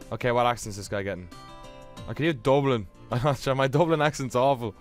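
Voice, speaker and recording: Sweary joking let's-play host. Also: male voice, medium pitch, brisk, faint music behind. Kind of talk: casual let's play commentary.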